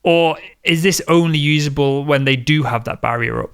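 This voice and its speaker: A man's voice: on the high side, normal speed, clean tone. A young man hosting a sales podcast, enthusiastically reacting and asking long, rambling questions. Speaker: podcast host. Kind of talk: podcast interview.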